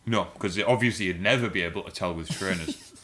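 A man with a low, bright and forceful voice, spinning a rambling comic story in casual podcast chat. He swears freely and laughs as he goes. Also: fast, slight background noise. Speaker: podcast co-host.

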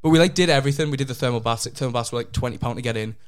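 A young man, telling a rambling story on a casual podcast, his voice jumping up in pitch when he gets excited. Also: rapid-fire, clean tone. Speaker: podcast co-host. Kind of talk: casual chat.

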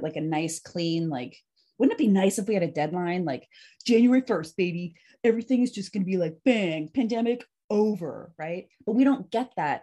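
A woman's voice: sits low, breathy edge. A woman coach talking casually and animatedly to a virtual group, then reading a poem aloud. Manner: animated, chatty, frequent "like".

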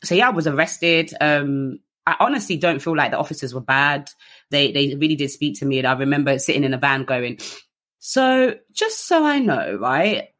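A woman's voice: a bass voice, a little fast. Guest: young woman, candid storyteller, chatty, lots of fillers, wry about herself. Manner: chatty, frequent fillers, animated quoting, laughs at herself.

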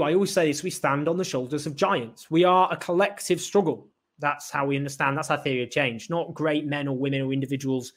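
Impassioned British man hosting live. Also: a little high. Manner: impassioned, halting with restarts. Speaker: show host. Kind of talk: solo live political commentary.

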